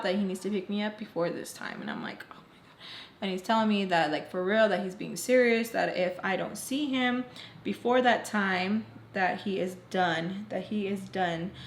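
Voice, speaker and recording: A young woman retelling a personal story in a casual, animated storytime vlog, acting out the quoted lines. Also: mid-range voice, normal speed, slight background noise. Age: young adult. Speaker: storytime vlogger. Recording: roomy echo.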